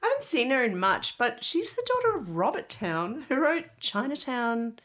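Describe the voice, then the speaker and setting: A woman's voice: fairly high pitch, sing-song, moderate pace, a bit bright. A woman co-hosting a podcast, enthusiastic and steering the casual chat. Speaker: podcast co-host.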